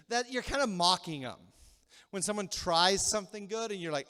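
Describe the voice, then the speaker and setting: A man delivering a sermon in a church sanctuary, his voice pitched high and swinging widely as he acts out small quarrels. He keeps checking in with the congregation as he goes. A long reverb from the hall trails behind him. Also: clear, resonant tone. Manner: animated, acts out quick mock quarrels, asks the crowd "okay?". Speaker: pastor.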